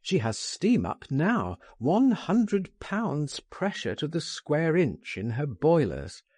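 Slow, husky male storyteller. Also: a little high, dry recording, studio quality. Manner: measured, expressive storytelling. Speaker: audiobook narrator. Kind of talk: scripted narration.

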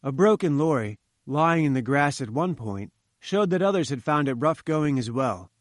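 Male audiobook narrator, measured and clear, slightly high voice, dry close recording. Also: animated, dry recording. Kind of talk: scripted narration.

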